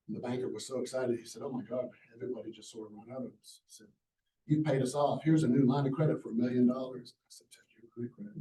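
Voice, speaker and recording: A middle-aged man with a drawl tells stories from a lecture stage. His voice is deep and very mellow. It rings through a large, echoey hall, picked up by a mic some way off. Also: distant mic. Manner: folksy storyteller, acts out the quoted lines. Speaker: entrepreneur giving a masterclass talk. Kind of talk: storytelling lecture to a live audience.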